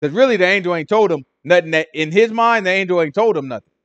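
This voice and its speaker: A man with a fairly high voice teaches a Bible study in relaxed, slangy conversation. He is animated and keeps turning to his listeners with quick questions. The sound is close and dry, with no room around it. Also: no echo, highs cut off.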